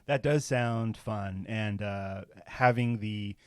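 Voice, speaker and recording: A man co-hosting a podcast speaks slowly, with a throat that sounds phlegmy. He jokes easily in casual chat, and his voice is recorded dry and close. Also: on the low side, clear, resonant tone, no echo. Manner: joking, laughs often. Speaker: podcast co-host.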